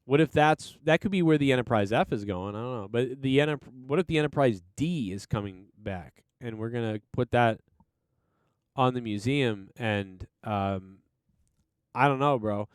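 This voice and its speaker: Excited man rambling in a dry booth. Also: medium pitch, normal speed, clear, resonant tone, no echo. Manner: enthusiastic, rambling, swears casually. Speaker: podcast host reviewing a TV episode. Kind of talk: casual solo review chat.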